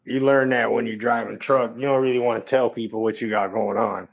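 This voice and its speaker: A man talking as a podcast guest and truck driver, relaxed and streetwise, swearing freely. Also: mid-range voice, a little fast, vocal fry, muffled recording. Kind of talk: casual chat. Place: on the road, remote call.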